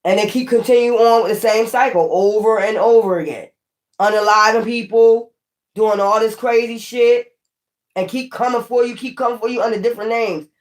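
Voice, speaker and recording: She speaks at normal speed with a fairly high pitch and fairly even intonation. The woman is a tarot reader giving a casual, crude, straight-talking reading, repeating herself and warning the viewer.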